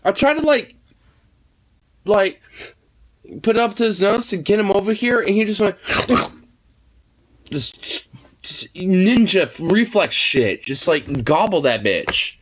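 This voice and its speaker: Slow, animated, profane streamer. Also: mid-range voice, slight background noise. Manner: loose, profane, laid-back. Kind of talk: casual gameplay chat.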